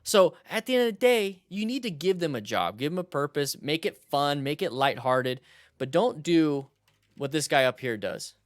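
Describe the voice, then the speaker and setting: A young male motorcycle host reacts to riding clips in casual, animated commentary and gives blunt, practical advice. His voice sits a little higher than most men's. The sound is close and dry, with faint background music. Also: normal speed, dry recording.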